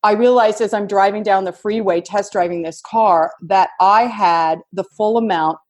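Animated storytelling woman in her fifties. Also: mid-range voice, moderate pace. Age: 50s. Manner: animated storyteller, giggly and expressive. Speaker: guest. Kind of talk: casual podcast conversation.

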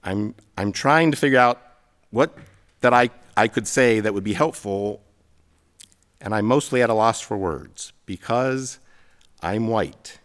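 A middle-aged pastor preaching a sermon, telling stories with self-deprecating humor. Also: male voice, lowish voice, a little slow, pauses often, a bit bright.

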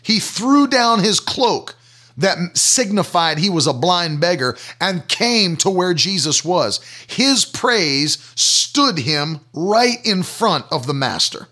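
An emphatic male preacher with a high, bright voice delivers a sermon. He hammers his points by repeating them, pushing the tempo up and slowing down to stress a line. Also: very animated.

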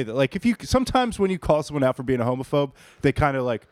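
A man's voice: medium pitch, big pitch swings, fast, no echo. A man telling a bar story in casual podcast chat, rambling and profane, often restarting mid-sentence.

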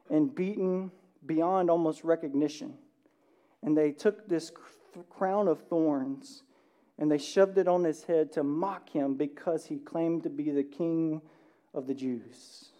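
A man pastor preaching a sermon, animated, swinging between loud emphasis and hushed passages, often asking the room "right?". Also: a little high. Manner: conversational, asks the room "right?".

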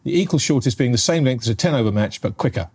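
A man's voice: mid-range voice, expressive, fast talker, darkish tone, husky. A man hosting a podcast, making jokey, breezy sports banter. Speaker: podcast host. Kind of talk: casual sports chat.

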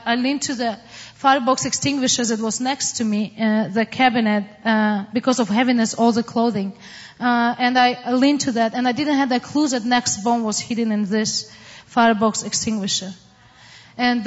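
A woman from the Middle East telling her personal testimony in an earnest, halting way, with frequent fillers. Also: a little high, in a large hall, dull audio. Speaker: testimony speaker.

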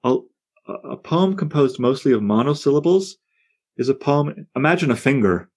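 A man teaching a poetry class, talking in a lively, digressive way that often breaks off into asides. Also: mid-range voice, moderate pace, husky. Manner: animated, digressive, self-interrupting. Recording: on air class broadcast.

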